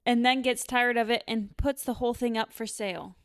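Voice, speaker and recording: A plain-spoken middle-aged boatman, read by a woman in a casual play read-through. The voice stays fairly high and close to an everyday speaking voice. He talks in a plain, unhurried way. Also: steady tone, smooth, natural voice. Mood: gossiping.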